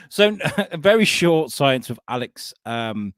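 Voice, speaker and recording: A man's voice: a little high, a bit bright, dry recording, studio quality. A young man hosting a comedy podcast, bantering casually, swearing freely and laughing often.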